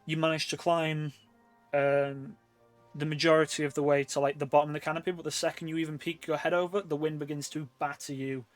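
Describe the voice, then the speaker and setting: A man with a fairly high-pitched voice narrates a tabletop game as game master, describing scenes in an easygoing, rambling way with plenty of fillers. Faint music plays underneath. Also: flat delivery, a little fast, no echo. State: hiccuping.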